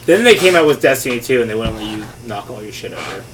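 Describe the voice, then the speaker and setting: A man chatting casually as a guest about video games, excitable and profane, sometimes shouting as he acts out other players. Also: mid-range voice, fast talker. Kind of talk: casual chat. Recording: voice a bit far from mic, faint noise.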